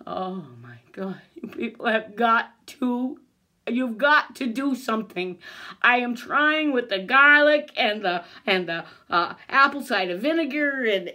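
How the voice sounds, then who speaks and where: An older woman talks to her camera in an agitated, swearing rant. Her voice swings widely in pitch while she speaks slowly, stumbling over restarts. Bitter little laughs cut through her anger. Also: sharp tone. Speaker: vlogger filming herself. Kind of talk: angry self-filmed rant.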